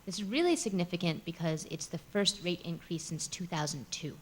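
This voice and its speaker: A woman speaking as a policy advocate on a panel, explaining budget results in a measured way with frequent fillers. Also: on the low side, slight background noise. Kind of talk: panel briefing. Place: college event room.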